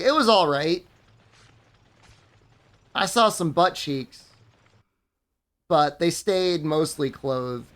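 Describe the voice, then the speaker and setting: Here a tired man with a fairly high, slightly bright voice rambles through casual chat as he streams a game. He sounds sleepy and loose, peppering his talk with "like" and "I mean."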